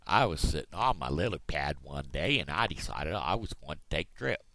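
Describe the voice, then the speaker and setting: A man's voice: rumbling low, big pitch swings, a little fast, sharp tone, dry recording. A man vlogging, telling jokes in a folksy storytelling way.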